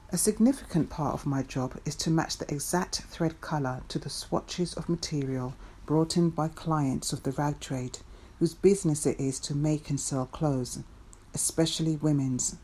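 A woman reading her own first-person memoir in a reflective, measured storytelling manner. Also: deep voice, warm tone, breathy edge.

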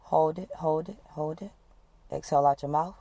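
Woman calmly guiding a breathing exercise. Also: low-pitched, no echo. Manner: calm, instructive, repeats cues slowly. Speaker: wellness coach.

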